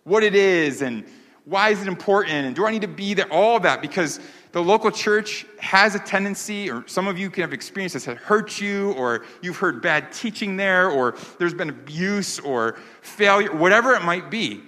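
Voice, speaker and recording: A man's voice: sits high, expressive, normal speed, pushed and bright. A man preaching a sermon as pastor, earnest and emphatic, repeating key phrases for weight. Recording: long hall reverb.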